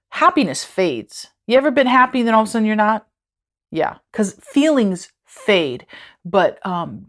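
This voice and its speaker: A woman teaching a devotional lesson in an earnest, conversational way, repeating phrases for emphasis. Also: lowish voice.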